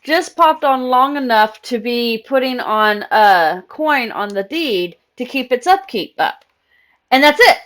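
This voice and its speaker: A woman's voice: sits high, fairly bright tone. A young woman chatting casually on a live game stream, rambling through a story and laughing often. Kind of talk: casual live-stream chat while gaming.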